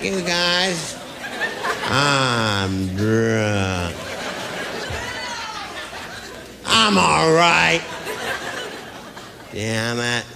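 A stand-up comedian in his act, playing a sloppy drunk man who holds a grudge and slurs, mumbles and bursts out loud. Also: medium pitch, gravelly, exaggerated voice. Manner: slurring, mumbling, sudden loud outbursts. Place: comedy stage before a live audience. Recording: noisy live club with audience laughter. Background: crowd laughter.

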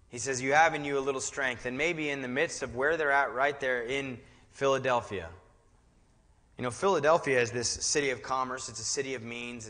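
A man's voice: mid-range voice, a bit bright. A male pastor preaching a sermon, shifting between easy conversational asides and fervent, emphatic exhortation. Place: church sanctuary. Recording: reverberant church hall.

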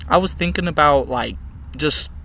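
A young man vlogging in a goofy, comedic style, swinging between mock-serious mumbles and loud outbursts. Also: on the high side, normal speed, gravelly, noisy background. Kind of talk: comedic casual vlog. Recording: background music.

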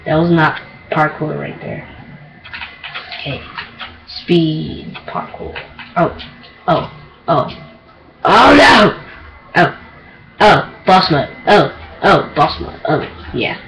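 A gaming video creator giving casual, excitable gameplay commentary, giggling and poking fun at themselves. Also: medium pitch, takes it slowly, long pauses, a little hiss or hum, poor audio. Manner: excitable, giggly, self-mocking.

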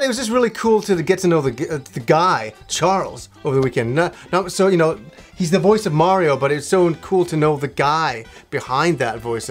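A man chats to camera from a room in his home. His voice sits a little high, and he rambles with plenty of fillers and restarts. Faint music plays underneath. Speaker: video game vlogger. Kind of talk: casual chat to camera.

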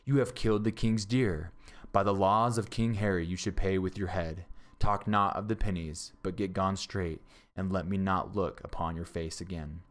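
A man reading aloud, voicing a loud, sneering male head forester who bellows and mocks. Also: steady tone, moderate pace, natural voice. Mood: angry. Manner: bellowing, mocking, booming laugh.

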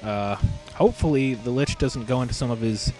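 A man casually narrating a game replay, swearing freely and cracking jokes as he rambles along. His voice sits at an ordinary middle pitch. Faint music plays quietly behind him. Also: fairly quick. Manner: profane, joking, rambling. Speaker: game commentator.

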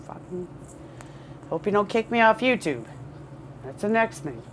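A woman's voice: mid-range voice, very animated, measured pace, slight background noise. A woman recording a candid personal vlog at home, rambling, repeating words and swearing. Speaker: vlogger. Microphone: headphones with camera.

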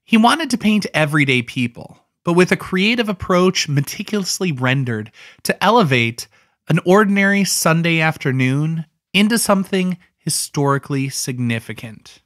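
A man's voice: a little high, lively intonation, normal speed, fairly bright tone, no room sound, studio quality. A man hosting an art history talk, explaining a painting in a casual, conversational way with offhand asides.

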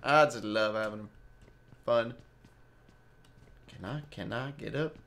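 A man's voice: lowish voice, takes it slowly, gravelly, a bit bright. A young Mexican-Canadian man casually rambling through live gameplay commentary and chatting with his viewers by name. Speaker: game streamer.

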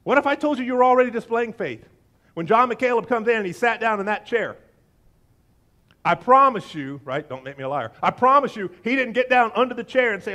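A male pastor giving a sermon with animated storytelling, acting out the quoted voices of his listeners and biblical figures. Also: very high-pitched, a little fast.

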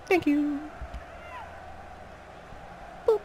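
A man giving excitable, joking commentary while playing a soccer video game, trash-talking the other side. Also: very high-pitched, very slow, a little hiss or hum. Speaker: gamer. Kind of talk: casual gameplay commentary.

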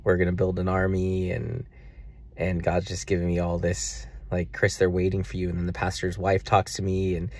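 A man's voice: deep voice, level tone, a little fast, darkish tone. A young man talking earnestly and at length in a personal video diary about faith and money. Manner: earnest, rambling, faith-filled reflection. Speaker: vlogger.

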